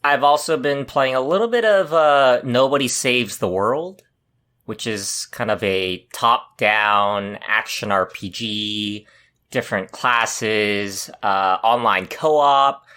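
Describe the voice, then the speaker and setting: A man co-hosting a casual gaming podcast, relaxed and measured, often pausing on fillers. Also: medium pitch, clean tone. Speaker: podcast co-host.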